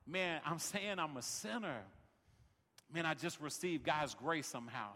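A man's voice: on the high side, animated, unhurried, bright, forceful tone, in a large hall. A man preaching a sermon as pastor, peppering his lines with "man" and building rhythmic refrains. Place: large worship center.

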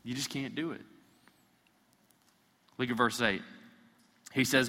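A man's voice: mid-range voice, fairly even intonation, a little slow, pauses often, pushed and bright. A man preaching a sermon as pastor, building in intensity with repeated phrases and acted-out quotes. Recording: long reverb from a large hall.

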